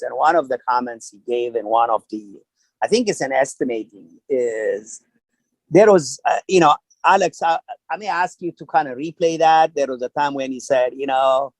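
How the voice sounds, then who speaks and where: A man's voice: mid-range voice, no room sound, low-quality recording. A man coaching on a small-business program panel, talking in a rambling, hesitant way full of fillers. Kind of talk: online panel discussion.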